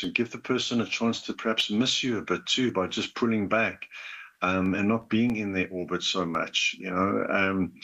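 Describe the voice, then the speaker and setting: A man hosting a call-in advice show, talking in a gentle, earnest coaching manner. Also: deep voice, dull audio. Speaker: relationship advice host.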